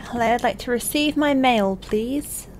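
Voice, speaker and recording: A woman's voice: a little high, unhurried, background noise. A young woman hosting a let's-play, chatting casually as she plays and often laughing at her own mistakes. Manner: chatty, thinks aloud and laughs at herself. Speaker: gaming let's-play host. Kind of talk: casual game commentary.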